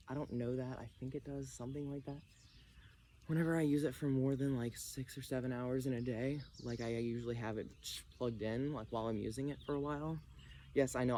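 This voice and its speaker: A man's voice: medium pitch, warm tone, slight background noise. A man vlogging outdoors into his phone while hula hooping, rambling casually and a little out of breath. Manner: chatty, rambling, self-deprecating. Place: outdoors in a rural backyard. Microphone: phone camera.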